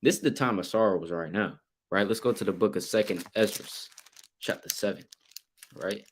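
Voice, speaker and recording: A man's voice: on the low side, moderate pace, slight background noise. A man joining a scripture discussion, answering with casual agreement and adding his own points. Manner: casual, affirming interjections. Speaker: co-teacher.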